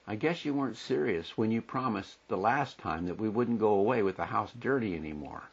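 A man's voice: lively intonation, fairly quick, creaky, slightly rough, muffled recording, heavily acted. A man reading the lines of a needling husband in a scripted marital quarrel. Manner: read aloud from a script, slightly raised pitch.

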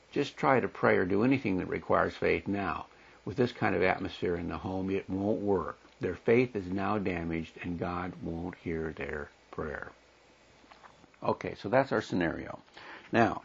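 Brief: husky, low-voiced man teaching a Bible lesson, muffled lo-fi tape. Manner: plain, conversational, pauses to explain verses. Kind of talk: recorded Bible class lesson.

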